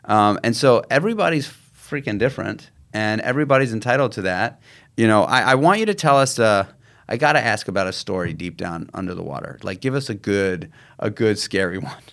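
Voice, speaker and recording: A man's voice: lowish voice, lively intonation, a little fast, a bit bright. A man hosting a podcast, talking casually and animatedly, swearing and filling his speech with "like". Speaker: podcast host. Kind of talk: casual conversational interview.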